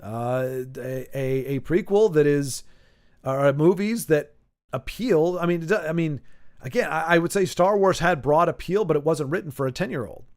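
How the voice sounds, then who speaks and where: A man's voice: fairly high pitch, normal speed. Rambling man in his forties, chatting. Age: 40s. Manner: rambling, animated, frequent restarts. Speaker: streamer. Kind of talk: casual stream chat.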